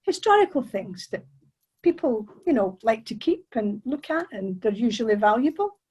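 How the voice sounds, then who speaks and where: A know-it-all mermaid with a proud, bossy tone, put on by a female storyteller. She speaks in a high, breathy voice that lifts theatrically and teases as she lords it over the listener. The delivery is grand and dramatic, full of mischief. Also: very animated, normal speed, darkish tone, lo-fi sound. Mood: haughty.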